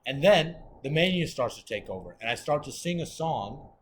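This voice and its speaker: A man's voice: on the high side, lively intonation, normal speed, slight background noise. A man telling a rambling, profane story as a guest in a casual chat.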